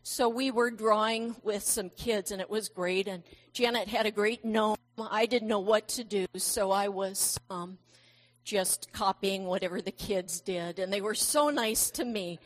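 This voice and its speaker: Slow, gentle woman preaching a sermon. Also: mid-range voice. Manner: gentle, reflective, with warm storytelling asides.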